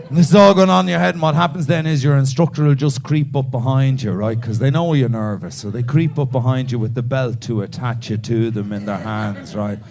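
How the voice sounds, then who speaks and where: A man's voice: medium pitch, fairly quick, vocal fry, few pauses, darkish tone. A man performing stand-up comedy in a club, swearing freely and teasing a man in the audience. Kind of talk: stand-up comedy crowd work.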